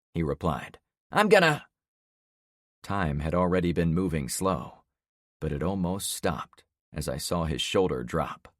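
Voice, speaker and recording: Deep-voiced male audiobook narrator. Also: dry recording, clean studio sound. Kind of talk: scripted first-person narration.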